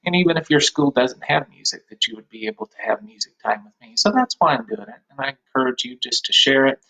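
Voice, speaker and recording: A man teaching an online music lesson to young children, speaking gently and encouragingly. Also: medium pitch, very animated, fast talker, vocal fry. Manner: gentle, encouraging, sings simple songs with kids. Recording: roomy, slightly dull home video audio.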